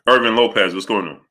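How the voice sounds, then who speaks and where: Bright-voiced man hosting a live boxing stream. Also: on the low side. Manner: rapid shout-outs to chat viewers, repeats "you understand what I'm saying". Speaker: boxing talk show host. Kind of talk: live-stream commentary reading super chats.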